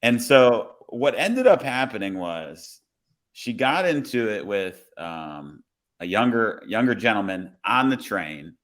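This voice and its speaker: Man, lowish voice, police officer, relaxed podcast storyteller who acts out his own lines. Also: takes it slowly.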